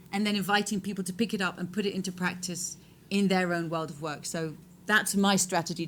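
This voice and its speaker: A woman's voice: on the low side, a bit bright. Woman, 40s, author on a debate panel; emphatic, rhetorical delivery with a light hum underneath. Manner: emphatic, rhetorical, acts out quoted voices. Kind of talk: public debate answers.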